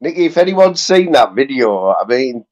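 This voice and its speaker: A man's voice: medium pitch, big pitch swings, normal speed, darkish tone, dull audio. A man hosting a live stream, laid-back and slangy in casual chat.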